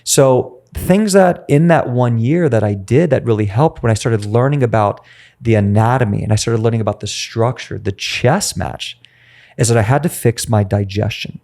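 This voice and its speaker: A man, a nutritionist guest on a podcast interview, explaining and acting out stories with his clients in an animated way. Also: mid-range voice, normal speed, gravelly. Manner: animated storytelling, acts out dialogue.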